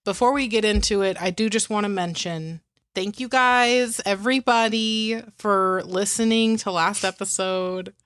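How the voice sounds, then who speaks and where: A woman's voice: mid-range voice, steady tone, a little slow, fairly bright tone, clear, resonant tone, dry recording. Upbeat young woman co-host, giggly casual chatter, dry close mic. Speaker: podcast co-host. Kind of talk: casual chat.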